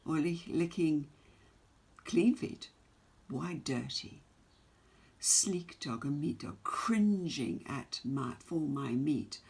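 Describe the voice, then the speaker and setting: A woman teacher giving a recorded poetry lesson, asking her students question after question in a measured way. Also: sits low, expressive, creaky, a little mellow, breathy edge. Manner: slow, questioning, reads poem aloud with emphasis.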